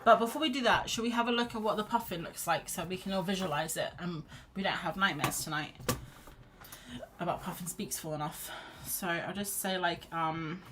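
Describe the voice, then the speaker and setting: A woman's voice: lowish voice, moderate pace, fairly bright tone, a little hiss or hum. A woman hosting a casual live painting chat, chatty and self-deprecating, laughing often. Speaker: art livestream host.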